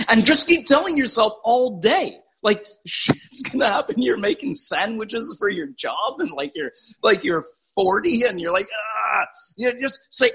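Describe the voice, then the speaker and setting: A man's voice: sits high, animated, takes it slowly, creaky, a bit bright, slightly rough. A man from Canada talking as a podcast guest in an emphatic, casual way, swearing freely. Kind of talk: animated motivational talk.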